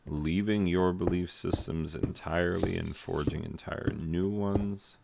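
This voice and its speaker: A very low, gravelly American man talks slowly through a meandering gaming commentary. He wanders from aside to aside with plenty of fillers. Steady background noise and clicks sit under the voice. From United States. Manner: rambling, joking asides, frequent fillers. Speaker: gaming channel host. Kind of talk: rambling commentary while playing a video game.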